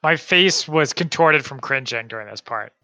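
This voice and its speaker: A man's voice: mid-range voice, animated, normal speed, bright, forceful tone, no room sound. A man co-hosting a podcast, chatting about a movie and tossing in dry wisecracks. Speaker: podcast co-host. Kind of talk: casual movie chat.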